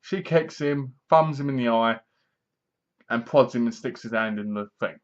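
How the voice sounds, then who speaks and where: A man casually recapping a horror film, animated, acting out the characters' lines and laughing at his own jokes. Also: mid-range voice, normal speed, highs cut off. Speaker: movie reviewer.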